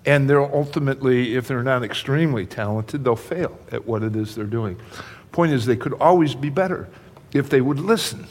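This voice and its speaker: A man's voice: mid-range voice, normal speed, big-room sound. An older man preaching a sermon, talking conversationally and addressing his congregation directly. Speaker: pastor.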